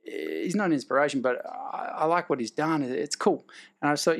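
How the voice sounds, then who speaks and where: Gravelly Australian man telling stories. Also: on the high side, fairly quick. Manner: animated, acts out quoted dialogue, laughs between lines. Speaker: actor and guest. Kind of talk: casual storytelling.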